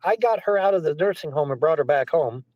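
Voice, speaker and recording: A man's voice: a little high, expressive, fast, dry recording, dull audio. A man ranting as a guest, repeating himself insistently and swearing often. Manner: rambling, repetitive, profane, insistent. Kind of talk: heated phone-in rant.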